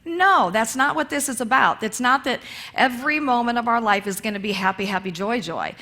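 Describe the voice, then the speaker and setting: Woman minister, sermon delivery, fairly high and bright tone, conversational with repeated phrases. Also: a little fast. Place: church sanctuary.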